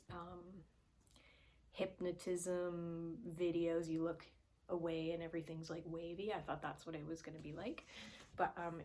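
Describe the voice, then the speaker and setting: A young woman with a slightly low voice tells a story at home in a loose, rambling way. Her sentences are full of "like" and "um", and she sometimes drops to a whisper. She speaks straight into a camera aimed at her face. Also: mellow. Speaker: vlogger. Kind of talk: casual storytime.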